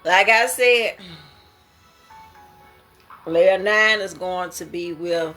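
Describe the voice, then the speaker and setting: A woman speaks in an unhurried, drawn-out way, her voice bright and forward. She is sharing her dreams as a casual monologue, exclaiming and laughing often in slangy, emphatic talk. Soft music plays faintly behind her. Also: lowish voice. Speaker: creator sharing prophetic dreams.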